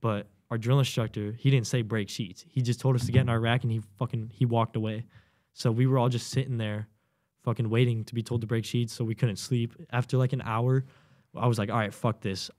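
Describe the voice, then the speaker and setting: A young man, a podcast guest and new Marine, telling a story in casual talk, swearing a lot and loudly acting out what people said. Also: medium pitch, a little fast. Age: young adult. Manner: animated, swearing, acts out quotes loudly. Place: podcast studio.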